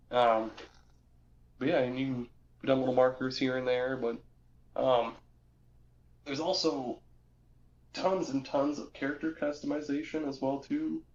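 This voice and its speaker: A man's voice: medium pitch, fairly even intonation, normal speed, long pauses, slight background noise. Rambling young man on a dull recording. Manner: rambling, many restarts and fillers. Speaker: podcast co-host. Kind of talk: casual chat.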